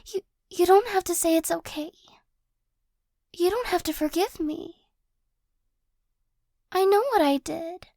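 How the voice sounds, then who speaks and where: Woman playing a remorseful soft-spoken ex-girlfriend. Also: very high voice, no echo. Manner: hesitant, halting, with nervous little laughs. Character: remorseful young ex-girlfriend, gentle and apologetic. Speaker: ASMR role-play performer. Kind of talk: ASMR role-play.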